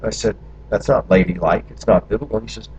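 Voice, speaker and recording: A man's voice: on the low side, fast talker, a little mellow, breathy edge. A man from the United States telling personal memories in a candid monologue, talking through them in long run-on stretches. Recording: dull lo-fi recording.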